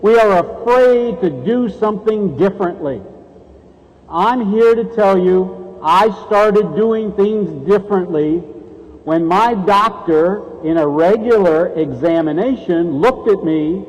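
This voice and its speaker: A man's voice: high-pitched, slow, darkish tone, highs cut off. A man giving a motivational keynote speech and joking playfully with the audience in a large conference hall. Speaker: keynote speaker. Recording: reverberant hall.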